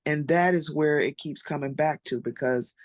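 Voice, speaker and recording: A conference speaker giving a heartfelt, reflective panel talk, pausing and restarting as thoughts form. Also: medium pitch, no room sound, clean studio sound. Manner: earnest, reflective, with pauses and restarts.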